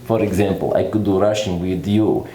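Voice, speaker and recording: A man with a fairly low voice chatting easily in an interview. He keeps sliding into put-on accents and back out again, clearly having fun with it. His voice carries a noticeable echo from the room around him. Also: fairly even intonation, normal speed, dark tone, slight background noise. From United States. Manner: playful, switches in and out of put-on accents. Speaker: actor guest. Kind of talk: casual interview, demonstrating accents.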